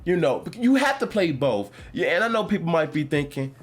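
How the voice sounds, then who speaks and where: A man's voice: a little high, brisk, few pauses, husky. Rambling man chatting about games. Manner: rambling, animated, many fillers and restarts. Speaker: podcast host. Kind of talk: casual gaming chat.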